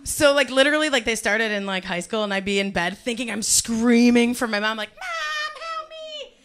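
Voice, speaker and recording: A woman speaker with a fairly high voice tells her own story on stage in a brash, profane way. She drops to hushed asides, then swells to loud, laughing outbursts. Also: a little fast, a little hiss or hum. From Cleveland, USA. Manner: profane, animated, swings from quiet to shouting. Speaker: guest speaker telling her life story. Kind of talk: personal storytelling talk to a live audience.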